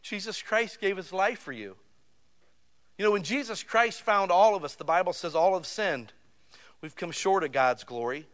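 A middle-aged man preaching a sermon as a pastor, in a folksy, animated way with everyday examples. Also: high voice, moderate pace.

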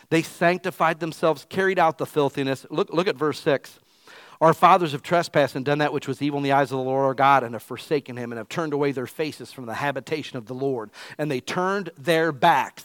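A man's voice: medium pitch, a bit bright, no echo. A male pastor giving an emphatic, conversational sermon to his church.

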